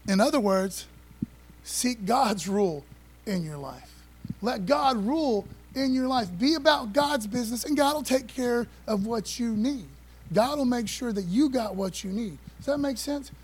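A man preaching a sermon to his church, animated and repeating phrases, calling on the congregation to answer back. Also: high voice, husky, rough recording. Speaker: pastor.

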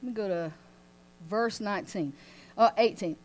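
A woman teaching an informal Bible study in a lively way, often laughing and asking her listeners questions. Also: mid-range voice, normal speed. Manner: animated, asks the group questions, laughs often.

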